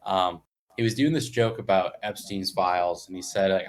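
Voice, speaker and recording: Lower-voiced man joking on a podcast. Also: steady tone. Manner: joking, bursts of quick talk. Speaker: podcast co-host. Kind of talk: casual banter.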